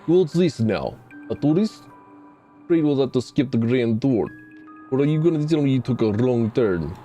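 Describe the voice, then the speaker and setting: Man doing a gruff Scottish camp boss. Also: medium pitch, lively intonation, normal speed, warm tone, soft background music, pitched above the performer's own voice, natural voice. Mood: stern. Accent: put-on Scottish. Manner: stern, threatening, clipped. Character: gruff bossy male camp leader, menacing.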